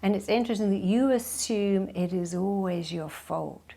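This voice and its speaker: A woman therapist talks through a viewer's question in a direct, coaching manner. Her voice sits at an ordinary middle pitch, and her tone is reassuring and steady. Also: moderate pace, creaky. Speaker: therapist giving advice. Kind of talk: advice talk answering a viewer question.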